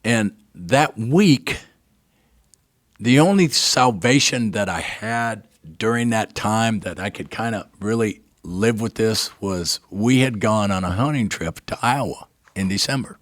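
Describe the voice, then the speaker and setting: At a measured pace, an older man with a fairly low voice appears as a talk show guest and tells a personal story full of feeling. He acts out the quoted lines with animation and frequently checks in with "right?", recorded in echo-free studio quality.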